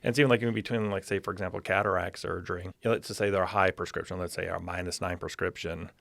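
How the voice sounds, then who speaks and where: A man, an optometrist, telling clinic stories on a podcast with animated, excitable energy. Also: deep voice, very fast, creaky, dry recording. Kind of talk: podcast storytelling. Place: podcast recording room.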